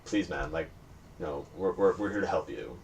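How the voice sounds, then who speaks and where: A man plays a patient, soothing doctor in a tabletop horror game, his voice very low and gentle as he keeps urging calm. The sound comes from a mic set well back, with faint hiss underneath. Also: moderate pace, gravelly, recorded from a distance. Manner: soothing, patient, softly insistent. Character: calm reassuring male hospital doctor.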